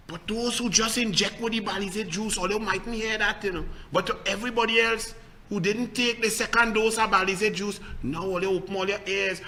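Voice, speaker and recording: A man with a Trinidadian accent hosting a political talk show, ranting and taunting in a loud, shouting style. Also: high-pitched, a little hiss or hum. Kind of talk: heated political commentary.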